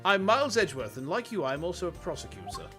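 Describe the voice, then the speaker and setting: A man voicing a composed, stern male prosecutor in a game, formal and measured. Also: high-pitched, sing-song, sharp tone, faint music behind, full character voice.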